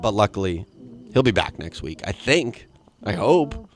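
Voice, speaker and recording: A man's voice: lowish voice, sing-song, moderate pace. A young man hosting a solo comedy podcast, rambling and self-mocking with many restarts. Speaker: podcast host.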